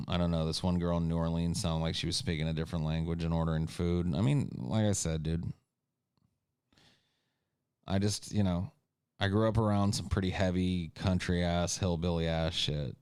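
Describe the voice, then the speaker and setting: A man's voice: deep voice, fairly even intonation, moderate pace, a little mellow, clear, resonant tone, no echo, clean studio sound. A man hosting a podcast, talking in a crude, joking, ranting way. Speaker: podcast host. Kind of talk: casual comedic podcast chat.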